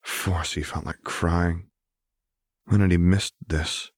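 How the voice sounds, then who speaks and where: A man reading a fantasy story aloud as narrator in a steady, even storytelling manner. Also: sits low, slow, no room sound, studio quality. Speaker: audiobook reader. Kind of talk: scripted narration.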